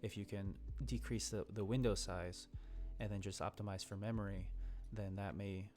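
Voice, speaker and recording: A man's voice: on the low side, steady tone, moderate pace, a little mellow, faint music behind. A young man co-hosting a casual live stream, thinking aloud about code with many fillers and restarts. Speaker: co-host.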